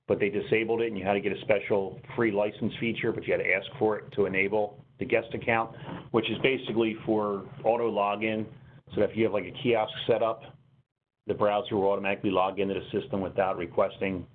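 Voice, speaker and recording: A man presenting a technical webinar, talking through software steps on screen in a conversational, explanatory way. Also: lowish voice. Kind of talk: conversational software demo walkthrough. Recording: tinny phone-line webinar audio, faint noise.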